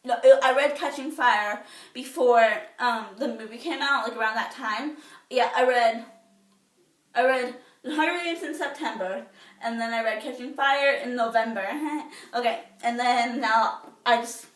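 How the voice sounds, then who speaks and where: Bubbly teen girl rambling on, kinda high pitched, sounds far from the mic. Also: measured pace. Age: teens. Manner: rambling, bubbly, many fillers and restarts. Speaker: vlogger. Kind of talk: casual chat. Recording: echoey room, somewhat far from the mic.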